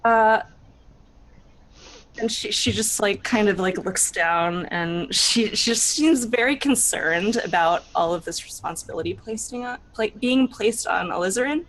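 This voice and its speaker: A woman's voice: mid-range voice, unhurried, a bit bright, poor audio. Chatty woman narrating her character. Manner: chatty, filler-heavy, laughs often. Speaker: player. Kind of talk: tabletop role-play narration.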